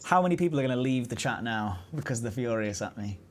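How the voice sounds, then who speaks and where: A man's voice: mid-range voice, animated, fast, noisy background. A man hosting a casual live stream, playful and teasing, rambling with restarts. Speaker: stream host.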